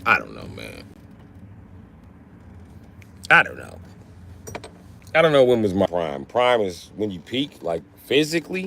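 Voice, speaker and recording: His gravelly voice swings hugely in pitch, moving at a measured pace with frequent pauses and a little hiss or hum in the audio. In his late thirties, he reads livestream chat aloud and profanely mocks viewers with shouted high bits.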